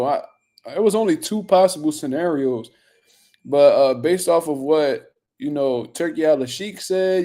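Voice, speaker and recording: Mellow-voiced man ranting about boxing. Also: on the high side. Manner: loose, profane, rambling street talk. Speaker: boxing news show host. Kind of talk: casual commentary, reading viewer comments.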